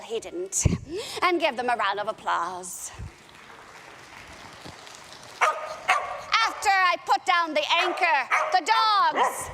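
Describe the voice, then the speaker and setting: A woman's voice: sits high, in a large hall, background noise. A woman at a library telling children a pirate story, with playful pirate talk. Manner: playful pirate talk, with an occasional "arr" and "me ship".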